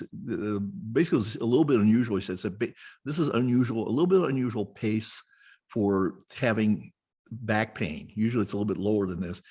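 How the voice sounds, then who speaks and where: This middle-aged man's voice is lowish and a little mellow. He rambles through a long personal story in casual talk, full of restarts and fillers, speaking as a podcast host or a guest being interviewed.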